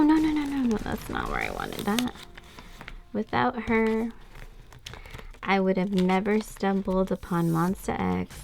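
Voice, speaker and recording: A young woman from the United States in a casual unboxing chat, chatty and gushing, with excited gasps and laughs. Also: mid-range voice, gravelly. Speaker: vlogger.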